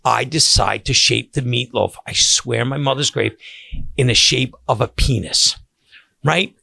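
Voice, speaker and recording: A man's voice: medium pitch, unhurried, vocal fry, no echo. An older man with a Long Island accent hosting a podcast, telling family stories casually with many restarts. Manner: animated storyteller with many restarts. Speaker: podcast host, caterer. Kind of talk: casual storytelling.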